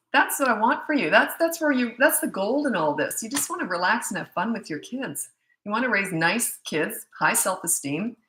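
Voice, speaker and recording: A woman's voice: medium pitch, sharp tone, roomy sound, poor audio. A woman in her sixties, a parenting coach chatting casually through a live question-and-answer session, reading questions aloud and laughing easily. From Canada. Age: 60s.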